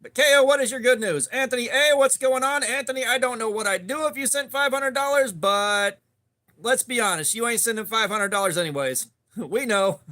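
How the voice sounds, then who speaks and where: A man with a drawl hosts a casual live stream, chatting easily and greeting viewers by name. His voice sits unusually high and sounds bright and forceful. He keeps a laid-back, friendly pace. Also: a little fast. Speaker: livestream host.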